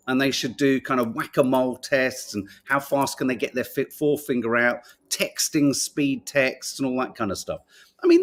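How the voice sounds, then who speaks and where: Man, podcast co-host, casual chat, very lively pitch, laughing, swearing. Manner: animated, swearing, laughing, mock voices. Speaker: podcast co-host reading newspapers.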